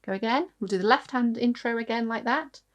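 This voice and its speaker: A woman's voice: on the high side, fairly quick. A woman giving an online harp lesson, patient, counting aloud and singing out rhythms as she explains. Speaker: harp teacher. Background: harp playing.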